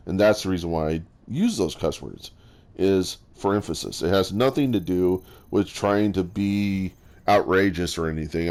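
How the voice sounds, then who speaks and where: Deep-voiced man musing haltingly. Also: a little mellow. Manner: halting, many fillers and restarts, musing. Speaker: solo talker sharing his views. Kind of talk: rambling casual monologue.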